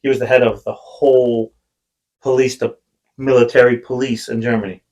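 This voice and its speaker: A man's voice: medium pitch, level tone, moderate pace, darkish tone, muffled recording. A man hosting a podcast, chatting casually and rambling through stories, breaking off and restarting his sentences. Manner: rambling storyteller who acts out quoted voices. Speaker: podcast host. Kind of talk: casual chat.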